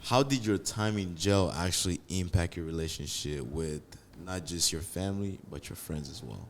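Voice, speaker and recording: A man's voice: deep voice, moderate pace, a little hiss or hum. A man hosting a podcast interview, asking questions in a plain, casual way. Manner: short backchannel replies, asks questions plainly. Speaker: podcast host.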